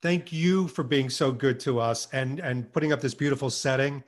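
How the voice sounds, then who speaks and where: A man's voice: mid-range voice, normal speed, very noisy. A man hosting an interview, effusive and encouraging toward his guest, then signing off for his channel. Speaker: host. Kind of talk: casual interview, channel sign-off.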